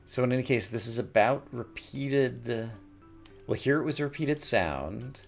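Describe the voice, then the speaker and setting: A man's voice: mid-range voice, lively intonation, a little slow, creaky, faint music behind. A man thinking aloud as he plays a word puzzle game, musing and muttering words over to himself at a desk mic. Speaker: gaming YouTuber.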